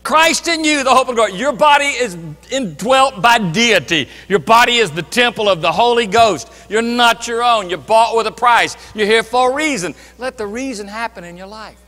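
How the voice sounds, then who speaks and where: A man preaching a sermon as pastor, emphatic, swinging between loud declarations and hushed asides. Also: very high voice, normal speed, big-room sound. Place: church sanctuary.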